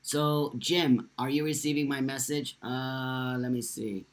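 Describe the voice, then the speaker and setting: A man's voice: mid-range voice, fairly even intonation, unhurried. A man hosting a live stream from a phone, impassioned and emphatic, repeating phrases for force while answering viewer comments.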